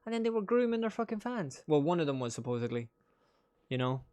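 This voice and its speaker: A man's voice: a little high, very animated, quick pace, darkish tone, clean tone. A man with a County Monaghan Irish accent, chatting casually and rambling while he streams a game, swearing and laughing often. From Ireland. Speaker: gaming streamer.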